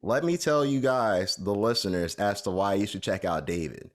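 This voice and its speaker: A man's voice: fairly low pitch, animated, normal speed. A man co-hosting a podcast, telling a long story in a casual, rambling way with lots of fillers. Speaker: podcast co-host.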